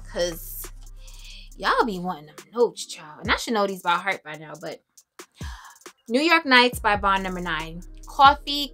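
A young woman chatting casually to camera about her favorite fragrances, expressive and laughing often. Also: medium pitch. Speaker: beauty and fragrance vlogger.

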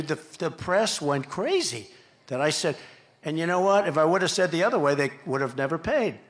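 An American man giving a rambling, boastful campaign rally speech from a podium, repeating himself and bursting into shouts. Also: a little high, expressive, moderate pace. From United States. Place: outdoor campaign rally behind bulletproof glass. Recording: echoey rally venue with faint ambience.

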